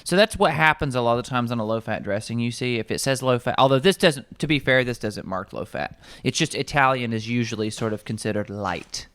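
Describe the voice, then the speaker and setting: A young man with a smooth, resonant voice talks casually in an office kitchen. He reads ingredient labels aloud with wry asides and lively emphasis, like a nutrition coach walking a friend through it. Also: medium pitch, fairly quick, hardly any pauses, no room sound.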